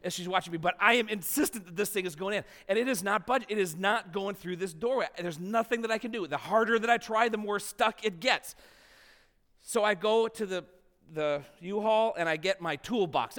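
A man preaching a sermon as a pastor, telling a self-deprecating story in an animated way before turning to his congregation. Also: high-pitched, a little fast, long reverb tail.

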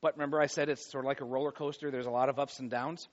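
A man preaching a sermon, pleading loudly and then dropping to a hush, often repeating words as he goes. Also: medium pitch, steady tone, racing. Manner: impassioned, swings from loud pleading to hushed. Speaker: pastor. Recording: dull lo-fi recording.

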